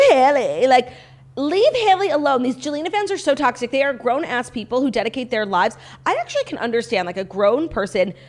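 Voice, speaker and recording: Chatty opinionated woman co-host. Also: fairly high pitch. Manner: chatty, lots of "like" fillers, opinionated rants. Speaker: podcast co-host. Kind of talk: casual gossip chat.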